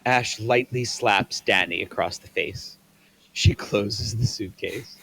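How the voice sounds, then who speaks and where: A man's voice: on the low side, takes it slowly, vocal fry, bright, forceful tone, breathy edge. A man narrating stage directions in a script table read.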